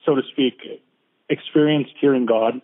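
A man hosting a casual interview, putting questions with soft affirmations and hesitant fillers. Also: medium pitch, steady tone, normal speed. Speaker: host. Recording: phone-like narrow band audio.

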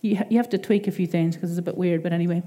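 Irish woman preaching, mellow tone. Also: fairly low pitch, racing. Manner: animated, conversational preaching with quoted asides. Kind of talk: sermon.

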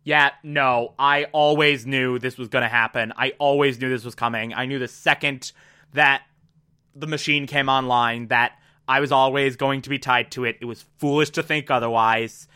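A grave, resigned middle-aged man, put on by a recapper, talking low and quiet as if accepting his fate. The voice sits well below the speaker's own, hushed and heavy, and keeps a bright edge. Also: steady tone, moderate pace, clear, resonant tone, lightly acted.

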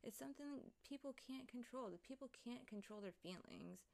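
A woman's voice: fairly high pitch, animated, brisk, gravelly, a little mellow. A young woman livestreaming, chatting casually and rambling with lots of swearing and laughing asides as she reads the chat.

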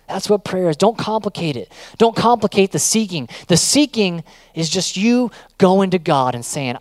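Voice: mid-range voice, expressive, normal speed, dry recording. A youth pastor giving a casual sermon, urging listeners on in rhythmic, repeated phrases.

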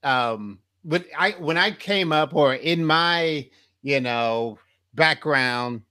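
A man hosting a podcast, talking casually and thoughtfully, often pausing with ums. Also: fairly high pitch, pushed and bright, smooth, no echo, studio quality. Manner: thoughtful, hesitant with frequent ums. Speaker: podcast host. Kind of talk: casual conversational podcast talk.

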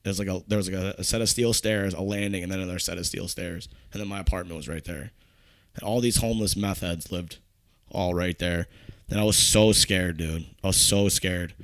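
A man's voice: deep voice, fairly even intonation, fairly quick, a bit bright, dry recording. A young man from upstate New York, hosting a podcast with friends, telling a story in a loose, profane way and acting out what people said. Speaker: podcast host. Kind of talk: casual storytelling chat.

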